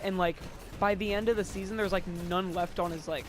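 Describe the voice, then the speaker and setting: A man's voice: high voice, steady tone, fairly quick, soft background music. A teenage boy telling a rambling school story in casual chat, giggly and casually swearing. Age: teens.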